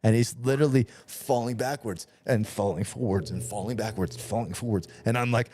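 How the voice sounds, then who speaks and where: A man's voice: medium pitch, a little fast, few pauses, mellow. A man hosting a podcast in casual chat, telling stories with lots of swearing and acting out both sides of each exchange. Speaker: podcast host.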